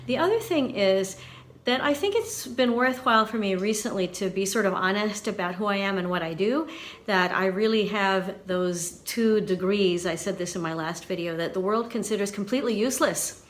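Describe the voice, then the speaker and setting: A woman's voice: mid-range voice, normal speed. A woman over fifty hosting her own vlog, talking in an earnest, chatty way to viewers in a light soprano voice. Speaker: channel host and university teacher. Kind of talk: casual vlog talk to viewers.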